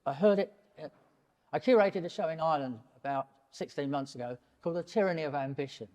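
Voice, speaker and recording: An older man in his seventies holds forth to a gallery audience, animated and wandering, cutting himself off and restarting. His voice sits a touch high for a man. A long hall reverb trails behind every phrase. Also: fast. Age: 70s. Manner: animated, digressive, breaks off mid-sentence. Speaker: painter and prize winner, interviewee. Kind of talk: public in-conversation talk.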